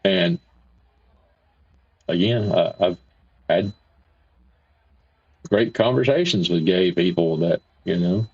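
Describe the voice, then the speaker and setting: Male stream host, husky voice, dull lo-fi audio, rambling and repetitive. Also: low voice, big pitch swings, takes it slowly, long pauses, darkish tone. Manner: rambling, folksy, repeats himself. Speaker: livestream host. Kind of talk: casual livestream chat reading viewer comments.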